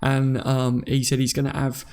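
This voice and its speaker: Chatty English man with a gravelly voice. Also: medium pitch, completely flat delivery, normal speed, darkish tone, a little hiss or hum. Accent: English, from near London. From England. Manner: chatty and jokey, laughs often. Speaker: live stream host. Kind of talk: casual live stream chat reading comments.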